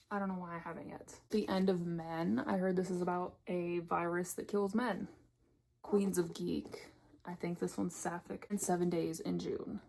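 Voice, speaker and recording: A woman's voice: fairly low pitch, darkish tone, slight background noise. A young woman giving a casual, candid tour of her bookshelves, swearing freely as she talks. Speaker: book vlogger. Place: home room by her bookshelves. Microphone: camera on tripod.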